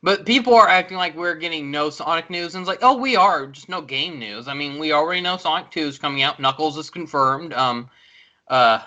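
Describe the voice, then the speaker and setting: A man with a vivid, bright and somewhat high voice talks casually about games. He rambles eagerly, filling his sentences with ums and likes. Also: expressive, fairly quick, dull audio. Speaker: video reviewer and co-host.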